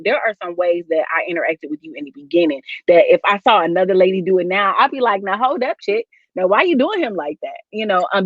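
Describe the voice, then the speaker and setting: A woman's voice: on the low side, no echo. A young adult woman hosting a casual chat, talking candidly and laughing often. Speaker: host. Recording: dull dry lo-fi sound.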